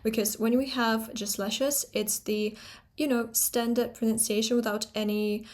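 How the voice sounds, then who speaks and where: A woman teaching a pronunciation lesson, thinking aloud with fillers and slowly repeating sounds to show them. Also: on the high side, steady tone, a little mellow, a little hiss or hum. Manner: talks things through aloud, pausing on fillers and repeating sounds slowly to demonstrate. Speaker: phonetics teacher.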